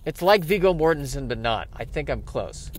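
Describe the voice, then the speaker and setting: A man's voice: a little high, animated, normal speed, a little hiss or hum. A man doing a solo comedy podcast monologue, rambling and mocking himself while he struggles to remember a name. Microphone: podcast mic.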